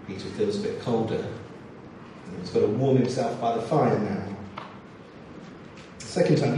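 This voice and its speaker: A man preaching a sermon in a church, expressive and acting out the quotes he reads. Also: fairly low pitch, measured pace, long pauses, slight background noise. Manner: expressive, acts out scripture quotes. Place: church or hall. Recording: echoey hall, distant mic, faint ambience.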